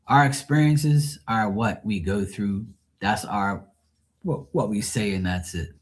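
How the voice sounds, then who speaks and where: A man with a lowish voice and measured pace hosts a live tarot stream, reading cards and chatting casually with viewers. His talk is blunt, profane, and rambling.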